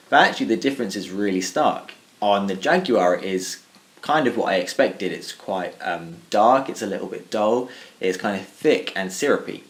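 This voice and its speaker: Male guitarist, lowish voice, measured and reflective, hedges his opinions. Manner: thoughtful and even, hedging with "I think" and "kind of". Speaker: guitarist reviewing his own tone clips. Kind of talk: measured spoken summary of a gear comparison.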